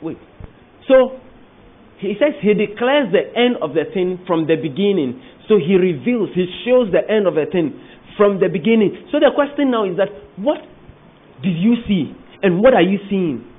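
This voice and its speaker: A preacher with a high, ringing voice works through his sermon, hammering home the same question again and again. The sound is thin and tinny, like it was captured over a phone line. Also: expressive, normal speed. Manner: emphatic preaching with repeated questions to the congregation. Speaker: pastor.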